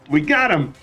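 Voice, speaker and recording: A man playing in a tabletop game who talks casually and laughs easily. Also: fairly high pitch. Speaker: player.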